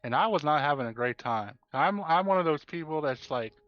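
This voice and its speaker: A man's voice: on the high side, animated, a little fast, a bit bright, dry recording, dull audio. A young man chatting on a live game stream, telling a story and acting out the exchanges he quotes. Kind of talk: casual chat while gaming.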